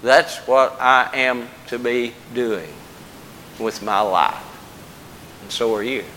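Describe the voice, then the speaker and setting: A man's voice: medium pitch, slow, pushed and bright, big-room sound, a little hiss or hum, low-quality recording. An older man preaching a folksy, plain-spoken sermon, joking with the congregation.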